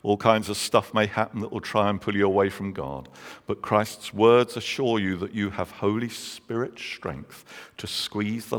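A man, preaching a sermon and telling stories, slowing down for emphasis. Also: deep voice. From England. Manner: earnest storytelling, slows down for emphasis. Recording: long reverb of a large hall.

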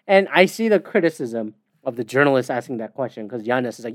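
A man's voice: medium pitch, fairly quick, few pauses, fairly bright tone, no echo, clean studio sound. A man from the United States hosting a podcast alone, ranting in a heated, profane, rambling way. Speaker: podcast host. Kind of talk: casual solo rant.

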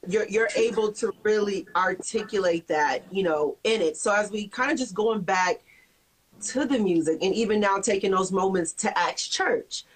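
A woman hosting a phone live-stream interview, warmly affirming her guest and asking effusive questions. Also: medium pitch, moderate pace, slightly rough, low-quality recording. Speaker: podcast host, interviewer. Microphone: phone on a live video call.

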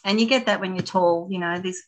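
A middle-aged woman, a former dancer, telling stories as an interview guest, animated and laughing often. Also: fairly low pitch, brisk, low-quality recording. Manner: animated, laughs often, acts out voices in anecdotes. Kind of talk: casual storytelling.

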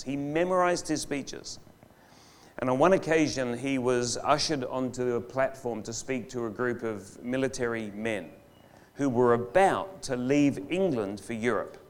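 A man preaches a live church sermon at a middle pitch. He lingers over key words, drawing them out for emphasis. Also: smooth. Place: church hall.

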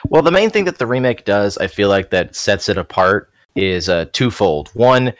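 This is a man chatting as a podcast co-host, his voice sitting low. He talks in loose, wandering sentences, often correcting himself mid-thought. The sound is close and dry, with almost no room around it. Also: animated, moderate pace, no room sound. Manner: rambling, self-correcting, laughs often. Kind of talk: casual chat.

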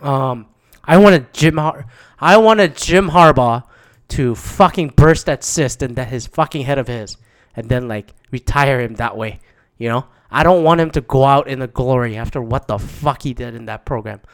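A man's voice: medium pitch, moderate pace, no echo, clean studio sound. Rambling, foul-mouthed man talking solo. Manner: rambling, profane, restarts often. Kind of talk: casual solo monologue.

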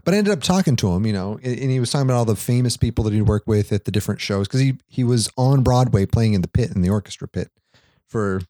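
Mellow-voiced man telling a rambling story. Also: mid-range voice, lively intonation, fast, dry recording, clean studio sound. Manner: rambling, laughs often, swears casually. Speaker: podcast co-host. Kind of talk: casual storytelling chat.

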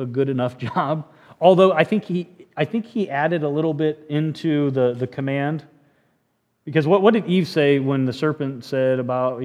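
A man preaching a sermon in a church, animated and joking, often restarting his sentences. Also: mid-range voice. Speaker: pastor.

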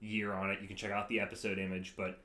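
A man co-hosting a casual podcast, talking in a loose, chatty way. His voice sits a little low, and the sound bounces around a roomy, echoing space. He laughs easily between his points. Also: fast. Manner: relaxed, chatty, laughs often. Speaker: podcast co-host. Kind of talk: casual chat.

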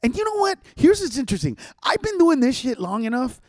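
A man's voice: very high voice, fairly quick, no room sound, clean studio sound. A man who is a stand-up comedian, ranting in casual podcast chat, full of swearing. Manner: profane, animated ranting.

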